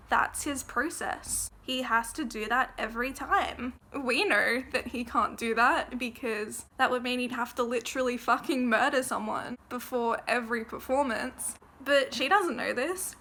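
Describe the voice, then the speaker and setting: A woman walks through a TV series in a loose, chatty vlog, dotting her talk with "like" and the odd swear. Her voice sits a bit high and has a bright, crisp edge. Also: steady tone, moderate pace, slight background noise. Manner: chatty, frequent "like" fillers and casual swearing. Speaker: video essayist. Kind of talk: casual recap of a TV series.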